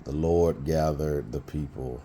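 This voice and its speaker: A man's voice: very deep voice, steady tone, a little slow, mellow, a little hiss or hum. A man teaching biblical Hebrew in an informal lesson, thinking aloud with fillers and restarts.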